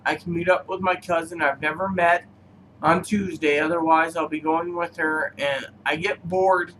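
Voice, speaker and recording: A man reviewing cigars who rambles through personal stories, halting often with fillers. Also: a little high, a bit bright, slight background noise, poor audio. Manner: meandering, halting, full of fillers.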